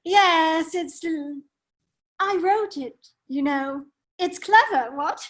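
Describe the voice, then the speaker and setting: A woman's voice: very high voice, extremely slow, a bit bright, exaggerated voice. A woman playing a giggling foppish English lord. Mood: pleased. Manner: affected, silly, laughs often. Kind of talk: virtual table read of a 1930s radio play. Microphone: video call.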